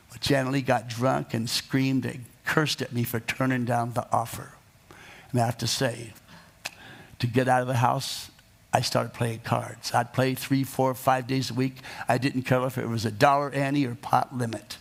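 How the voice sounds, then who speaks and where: Gravelly guy telling his life story, dramatic and kinda self-mocking. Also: mid-range voice, steady tone, normal speed. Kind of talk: storytelling monologue.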